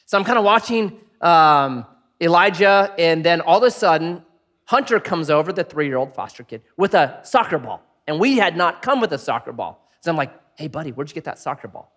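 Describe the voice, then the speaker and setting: A man in his thirties preaching a sermon, telling a family story with animated, self-deprecating humor. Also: fairly high pitch, moderate pace. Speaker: pastor.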